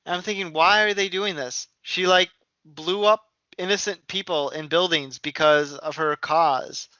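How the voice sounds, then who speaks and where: Man, podcast co-host, opinionated, halting speech, slightly high voice, dry muffled recording. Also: pushed and bright, dry recording. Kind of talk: casual chat. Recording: dry, dull lo-fi audio.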